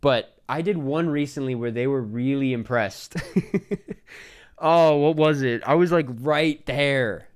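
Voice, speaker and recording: Male streamer, casual live gameplay chat, excitable self-talk, average pitch. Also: a little slow, smooth. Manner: excitable, talks to himself while guessing, swears. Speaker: streamer playing a geography guessing game.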